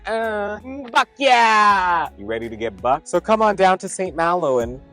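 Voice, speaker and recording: A man's voice: a little high, fast, faint music behind. Male comedy travel vlogger, outdoor roadside shots, hammy delivery full of puns. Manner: punning, exaggerated, bursts of loud excitement. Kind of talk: joke-filled roadside attraction vlog.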